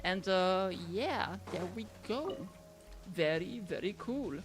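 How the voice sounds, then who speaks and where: A woman's voice: mid-range voice, expressive, slow pace, music in the background. A woman from France with a slight French accent, chatting casually with her stream viewers in a rambling way, full of fillers and restarts.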